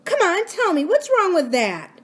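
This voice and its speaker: A woman voicing a pert, touchy girl going on eleven, who talks in a shrill, demanding way in a book reading. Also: wildly swooping pitch, measured pace, fairly bright tone, full character voice. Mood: indignant.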